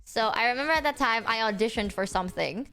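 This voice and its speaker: Young woman streamer, high and lively, casual and sweary, faint music behind. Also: quick pace. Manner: animated, acts out quotes with big pitch jumps. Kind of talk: casual storytelling on a live stream.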